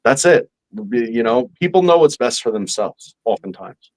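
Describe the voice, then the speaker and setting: A man hosting a casual talk show, speaking in a rambling, halting way with many restarts. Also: mid-range voice, lively intonation, poor audio. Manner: rambling, halting, restarts and "you know" fillers. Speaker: host.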